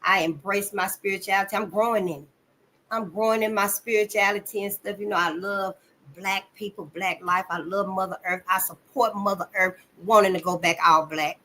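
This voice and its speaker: A woman hosting her channel, giving blunt, profane commentary and calling listeners honey, swinging between loud outbursts and low asides. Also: fairly even intonation, moderate pace. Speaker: channel host. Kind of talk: impassioned commentary.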